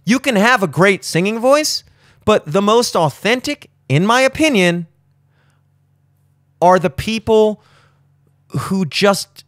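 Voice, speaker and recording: A man in his thirties hosts a podcast in a studio, chatting casually. His talk is profane, opinionated rambling with animated jumps in pitch, recorded at studio quality with no echo.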